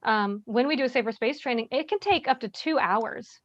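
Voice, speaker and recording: A woman with a fairly high voice answers workshop questions as a trainer. She speaks casually and earnestly and fills her talk with ums and likes. She breaks into short acted lines of what to say. The sound is dull and lo-fi in a dry space. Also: a little fast, no echo. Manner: casual and earnest, many fillers, acts out what to say.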